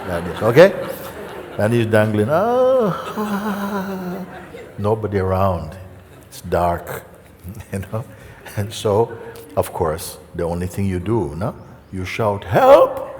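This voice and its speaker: A man giving a satsang talk as a spiritual teacher, gentle and unhurried, often checking in with listeners by asking questions. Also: sits low. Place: large meeting hall. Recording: echoey hall with faint ambience.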